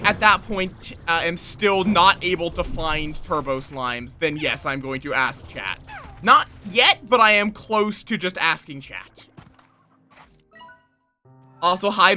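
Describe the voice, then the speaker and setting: A man with a high, pushed, bright voice streams a game casually. He rambles playfully, makes fun of himself, and chats with his viewers.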